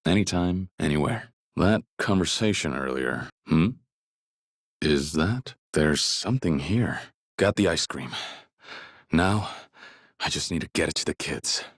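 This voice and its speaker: A gruff but kind middle-aged ex-yakuza from a video game, with a very deep voice that still moves expressively through its pitch. He talks plainly and steadily, recorded close and dry in a studio booth. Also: a little slow, dry recording, exaggerated voice. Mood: calm. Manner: plainspoken, steady, low-key. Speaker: voice actor.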